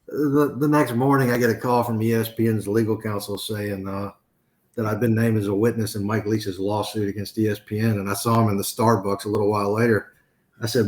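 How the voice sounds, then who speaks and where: A low-voiced man tells a brisk, wry story about a night out on the road as a podcast guest. His delivery is dry and amused. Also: flat delivery, darkish tone. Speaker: sportswriter guest. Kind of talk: anecdote in a podcast interview.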